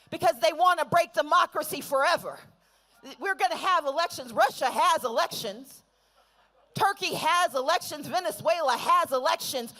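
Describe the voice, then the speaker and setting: A woman delivers a stirring speech at a political rally. Her voice sits very high, and she drives the crowd with repeated call-and-response chants. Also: rough recording. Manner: rousing, building to shouted chants. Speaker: rally speaker.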